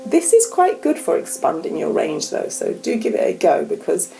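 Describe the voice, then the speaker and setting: A woman leading vocal warm-up exercises in a gentle, encouraging, unhurried way. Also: low voice, huge pitch swings, creaky, poor audio. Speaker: vocal coach. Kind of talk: casual instructional talk. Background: keyboard playing.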